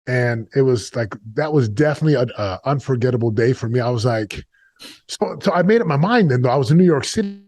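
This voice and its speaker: A man's voice: mid-range voice, lively intonation, fast talker, darkish tone, no room sound. Middle-aged male guest, confessional storyteller, repeats himself in bursts, dry close mic. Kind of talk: emotional storytelling interview.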